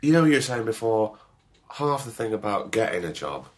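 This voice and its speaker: A man with a low-pitched voice hosts a podcast interview. He talks in a relaxed, encouraging, conversational way. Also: normal speed. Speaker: podcast host. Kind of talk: casual interview chat.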